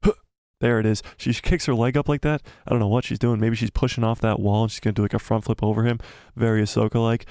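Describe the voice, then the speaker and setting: A man doing live, casual commentary as he breaks down a trailer, excitable and rambling, with many fillers and repeated words. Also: mid-range voice, quick pace, no room sound, clean studio sound.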